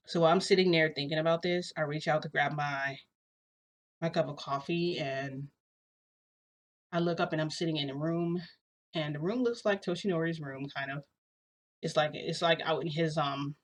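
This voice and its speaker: A woman with a somewhat low voice tells a personal story to her viewers. She talks casually and loosely, filling her sentences with "like" and "you know". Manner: rambling, full of "like" and "you know". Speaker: vlogger.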